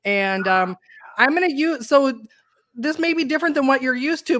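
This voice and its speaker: A woman's voice: on the high side, fairly bright tone. Chatty woman hosting a live interview. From Oregon. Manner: chatty, laughs often, frequent fillers and restarts. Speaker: podcast host. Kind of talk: casual live interview chat.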